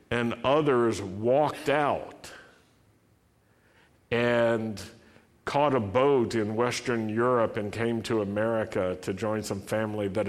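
A man's voice: medium pitch, long reverb tail. A man preaching a sermon, driving his points home with emphatic, repeated rhetorical questions.

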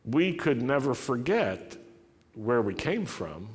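A man's voice: medium pitch, sing-song, takes it slowly, in a large hall. A man preaching a sermon, driving his points home with emphatic, repeated rhetorical questions.

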